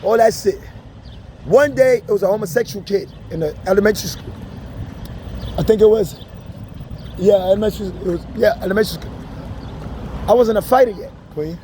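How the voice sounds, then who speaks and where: High-voiced man telling profane stories. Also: brisk, pauses often. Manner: profane, laughing, animated storytelling. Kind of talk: casual storytelling. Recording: loud street traffic noise.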